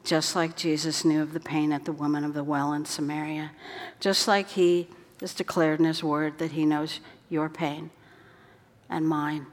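Woman, preacher, earnest sermon, lower pitch, reverberant hall. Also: flat delivery, moderate pace. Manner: earnest, dropping to soft whispered quotes.

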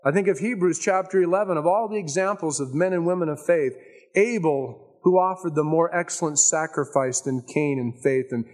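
A man preaching with a voice a touch higher than most men's. He tells stories in a folksy, chatty way and drags out the words he wants to land. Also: darkish tone. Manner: conversational storytelling, folksy asides; emphatic, slows down on key points. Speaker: pastor. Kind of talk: sermon.

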